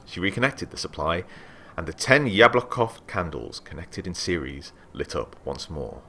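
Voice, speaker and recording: Male let's play host, deep, bright-edged, animated reader. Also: normal speed. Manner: excitable, animated, reads aloud with asides. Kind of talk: let's play commentary and reading game text.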